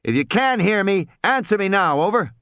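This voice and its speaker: A man's voice: high voice, expressive, moderate pace, fairly bright tone, smooth, no room sound, clean studio sound, pitched above the performer's own voice. A man voicing a commanding man who threatens a captain with legal penalties. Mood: stern.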